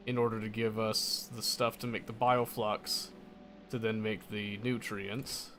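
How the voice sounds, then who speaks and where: Slow, easygoing male game streamer. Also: on the low side, flat delivery, fairly bright tone, slight background noise. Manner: muttering to himself, self-correcting. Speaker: gameplay streamer. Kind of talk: casual gameplay commentary.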